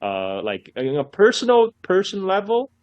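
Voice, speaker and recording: A man talks as a guest in a casual podcast conversation, telling stories with lots of restarts and bursts of laughter. His voice sits a little high, and the sound is dry and close with no room around it. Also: moderate pace, smooth, no echo, lo-fi sound. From China. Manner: animated storyteller, laughs often, repeats words. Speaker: guest commentator.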